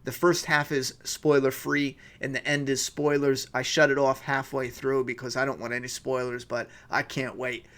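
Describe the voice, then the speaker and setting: A man's voice: medium pitch, flat delivery, normal speed, few pauses, a bit bright. A man hosting a live weekly review stream, chatting casually and reading viewer comments aloud in a rambling, self-correcting way. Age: adult father of a school-age child.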